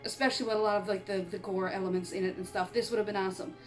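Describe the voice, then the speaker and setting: A woman's voice: mid-range voice, level tone, very fast, faint music behind. A woman from Canada chatting casually in a horror movie review vlog, rambling and laughing often, and she has the hiccups. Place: home on an island in eastern Canada.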